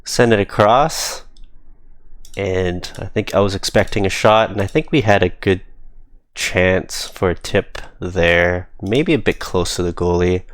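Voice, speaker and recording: Slow, low-voiced man breaking down hockey footage. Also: no room sound. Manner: easygoing, amused play-by-play with chuckles. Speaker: amateur hockey player reviewing game footage. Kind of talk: casual game film review commentary.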